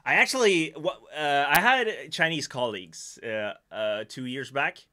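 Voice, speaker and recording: A Swedish man with a Swedish accent chats casually on a live stream, his voice on the high side and a little slow. He's animated and self-deprecating, often laughing at himself.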